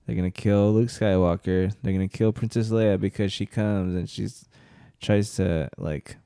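A man's voice: fairly low pitch, fairly even intonation, normal speed, vocal fry, warm tone, smooth, dry recording, studio quality. A man co-hosting a podcast, chatting casually and profanely in a rambling way, laughing often. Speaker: podcast co-host. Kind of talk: casual chat recapping movies.

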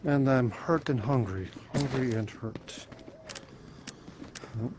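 A man's voice: mid-range voice, takes it slowly, background noise. A man playing a zombie game, chatting playfully to himself and to the enemies as he goes. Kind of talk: let's play commentary.

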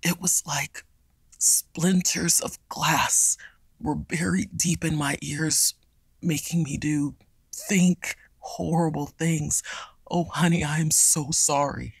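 A woman voicing a crazed, menacing middle-aged father in a breathy whisper. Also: sits low, steady tone, no room sound, exaggerated voice. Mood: hoarse remorse. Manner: slow, menacing.

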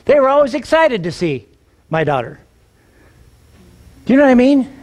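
Man, middle-aged pastor, high voice, animated sermon storytelling, acts out quoted lines. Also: normal speed. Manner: animated, acts out quoted dialogue, repeats words when excited.

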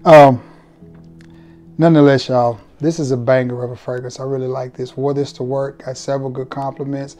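Laid-back man with a mellow voice. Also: medium pitch, flat delivery, normal speed, soft background music. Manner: laid-back, joking, colloquial, talks straight to viewers. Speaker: fragrance reviewer. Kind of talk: casual fragrance review vlog.

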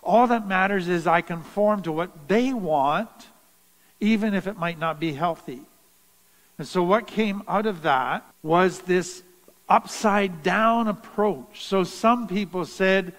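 A man with a fairly high voice teaches at an unhurried pace, earnest and deliberate, leaning on key phrases. His words ring out with a long reverb around him. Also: a bit bright. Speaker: trauma educator. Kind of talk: teaching talk.

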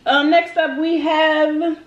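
A woman's voice: high-pitched, flat delivery, takes it slowly, reverberant, highs cut off. A woman who hosts a food vlog, chatting casually and with lots of slang to her viewers while she tastes snacks. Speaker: food vlogger. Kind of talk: casual eating-show chat.

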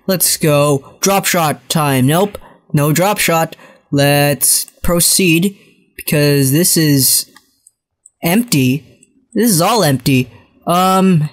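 Excitable young gaming commentator. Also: male voice, high-pitched. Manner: excitable, frustrated outbursts and self-mocking rants. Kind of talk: live gameplay commentary.

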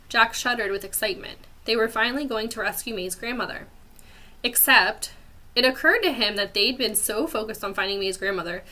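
A woman teacher reading a chapter book aloud to her class with expressive storytelling. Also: on the high side.

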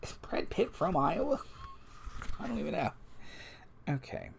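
A man's voice: a little high, huge pitch swings, a little slow, gravelly, a little hiss or hum. A man hosting a live stream, reading tabletop game rules aloud and adding casual asides to the chat. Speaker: game master and stream host.

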